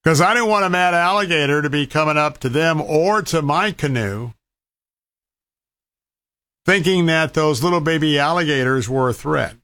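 A man's voice: fairly high pitch, normal speed, sharp tone, no room sound. A man telling an outdoor story in a folksy, casual way and giving emphatic safety warnings with repeated words. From Florida.

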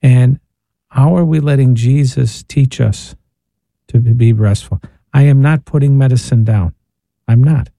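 A man's voice: medium pitch, measured pace, gravelly, dark tone, dry recording. A man, a priest and spiritual director, speaking earnestly on a radio show and posing rhetorical questions. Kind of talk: radio talk reflection. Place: radio studio.

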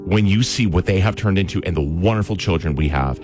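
Deep-voiced man hosting radio talk. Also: a little fast, over music. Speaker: radio show host. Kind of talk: casual chat, storytelling.

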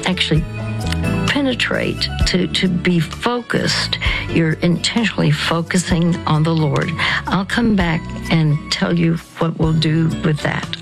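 A woman speaking on a radio ministry show, talking slowly and deliberately, repeating phrases for emphasis. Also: fairly low pitch, over music, low-quality recording. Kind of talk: radio talk with a caller.

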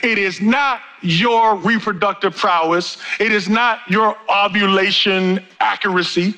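A middle-aged male pastor preaching a sermon, with big swings in pitch and pace. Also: fairly even intonation, measured pace, bright, forceful tone, rough recording.

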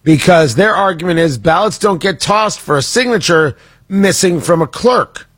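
A male talk radio host with a slightly husky voice, recorded close and dry in a studio booth. He talks through political news in a mocking, sarcastic tone, doubling back on his words as he goes. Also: high voice, lively intonation, normal speed, fairly bright tone, no echo. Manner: sarcastic, mocking, with frequent restarts.

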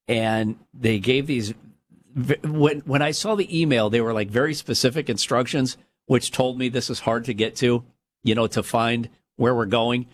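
A man's voice: medium pitch, fairly even intonation, moderate pace. Rambling man telling a story on air. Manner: rambling storyteller, self-correcting. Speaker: radio show co-host. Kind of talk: casual chat.

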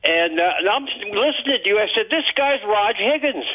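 A man calling in to a radio show, rambling and hesitant with many pauses, heard over a tinny phone line. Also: sits high, animated, husky. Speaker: caller. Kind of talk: casual call-in chat.

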